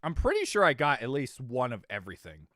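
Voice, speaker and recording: A young adult man chatting casually on his stream, telling stories animatedly, swinging from mumbles to loud exclamations, laughing and swearing freely. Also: mid-range voice, huge pitch swings, a little fast, dry recording, clean studio sound. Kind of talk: casual chat.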